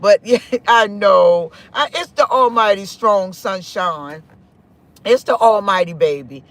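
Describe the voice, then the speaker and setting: Man, 40s, very high-pitched, emphatic spiritual livestream host with a preachy, repetitive delivery. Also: lively intonation, unhurried, a bit bright. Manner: emphatic, preachy, repeats phrases. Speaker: live-stream host. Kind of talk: spiritual live-stream talk.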